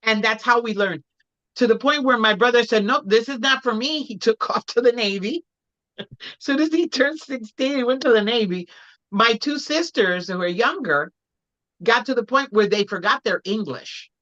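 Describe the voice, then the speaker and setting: A woman from Puerto Rico chatting casually as a guest, telling stories in an animated way. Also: a little high, normal speed, highs cut off. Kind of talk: casual chat.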